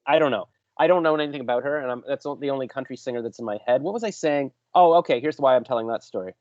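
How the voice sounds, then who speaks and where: A man hosts a podcast interview, racing through long, rambling stories and interrupting himself as he goes. His medium-pitched voice is a little mellow, and the recording is dry with a dull lo-fi sound.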